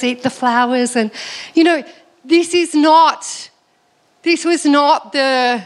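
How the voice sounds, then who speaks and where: A middle-aged woman, telling a personal story in an animated, self-mocking way as part of her sermon. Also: high-pitched. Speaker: preacher.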